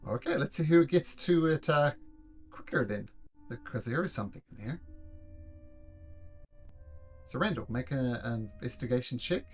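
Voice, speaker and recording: A man narrating as game master of a tabletop game in a relaxed, casual way. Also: mid-range voice, moderate pace, long pauses, husky, faint music behind.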